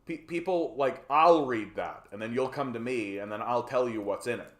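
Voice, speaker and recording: A man's voice: mid-range voice, expressive, brisk. Canadian man, livestream host, casual profane rants, mid voice, roomy sound. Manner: profane, rambling, tags lines with "right?". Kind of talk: casual political commentary.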